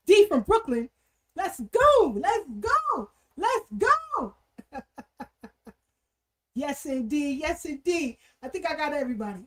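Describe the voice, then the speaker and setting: Female livestream host, high voice, casual and repetitive with street slang. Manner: repeats greetings in threes, street slang. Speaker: livestream talk show host. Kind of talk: casual livestream chat, shouting out viewers.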